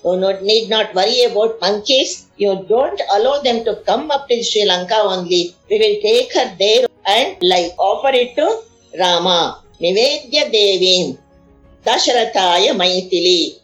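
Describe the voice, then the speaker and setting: A woman teaching scripture, translating Sanskrit verses line by line in an animated retelling. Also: medium pitch, a little slow. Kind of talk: explaining Sanskrit verses of an epic. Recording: echoey room with faint music.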